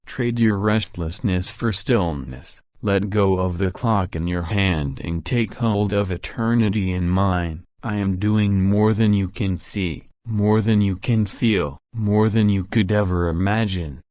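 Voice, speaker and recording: A man voicing God in a scripted devotional narration, speaking in a slow, measured, reassuring way. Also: on the low side, darkish tone, no room sound, clean studio sound. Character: God speaking to his child, calm and solemn.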